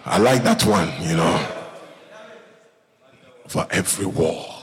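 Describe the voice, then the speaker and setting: A male pastor preaching a sermon, telling a Bible story with lively acted-out voices and calling out to his congregation. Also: low voice, unhurried, long pauses. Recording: echoey hall reverb.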